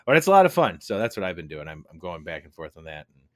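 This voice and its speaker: A man with a very deep voice talks casually as a podcast co-host, rambling from topic to topic and laughing easily. The sound is dry and close. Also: sing-song, quick pace, no echo. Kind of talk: casual chat.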